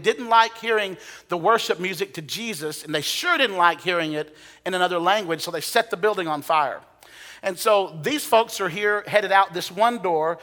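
A man preaching a sermon, telling a personal story dramatically, sometimes dropping to a hush and sometimes rising to excited bursts. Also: high voice. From United States. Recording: long hall reverb.

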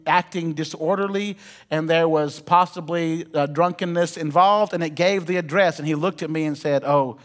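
A pastor preaching in a church, his voice pitched high for a man. He tells stories with humor and speaks to the congregation directly. The sound carries a long church-hall reverb. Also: fairly bright tone. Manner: storytelling, humorous asides to the congregation. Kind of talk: sermon. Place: church sanctuary.

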